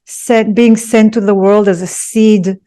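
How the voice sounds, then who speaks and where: Mellow-voiced woman guest. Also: mid-range voice, steady tone, measured pace. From Israel. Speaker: guest artist. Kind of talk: interview answers.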